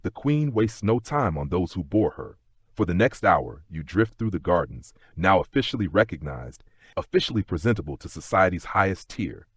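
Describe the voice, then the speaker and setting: A man narrating a bedtime sleep story in a gentle, unhurried way. His voice is deep and husky, with lively expression, and it sounds close and dry with no room echo.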